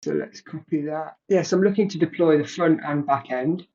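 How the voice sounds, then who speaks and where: A man walks through a software demo in a relaxed, halting way, stopping often on ums and restarting his sentences. His voice sits a little high for a man. The sound is a bit dull and muffled, as if from a basic desk mic. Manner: halting, many ums and restarts, self-described non-coder. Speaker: tutorial presenter. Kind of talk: casual screen-recorded walkthrough. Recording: muffled audio.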